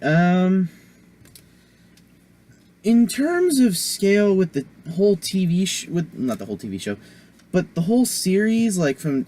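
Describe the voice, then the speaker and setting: A man's voice: mid-range voice, darkish tone. A man giving a casual movie review on his vlog, rambling with many fillers and self-corrections.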